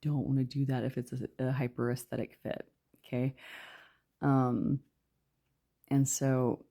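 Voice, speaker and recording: A woman giving a casual, rambling tarot reading, talking quietly with lots of fillers. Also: very deep voice, flat delivery, measured pace. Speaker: tarot reader.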